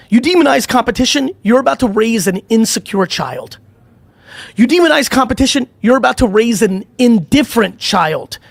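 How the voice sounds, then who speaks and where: Middle-aged guy hyping a live stream, high gravelly voice, swears a ton, dry close sound. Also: dry recording. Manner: intense, profane, emphatic repetition. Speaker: livestream host running giveaways. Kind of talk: unscripted live-stream pep talk and sales pitch.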